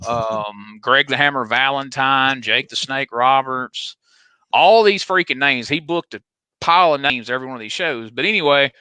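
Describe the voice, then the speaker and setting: A man, a podcast host and wrestler telling a story in casual, animated talk. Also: medium pitch, clear, resonant tone, no room sound. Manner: animated and quick, acts out voices.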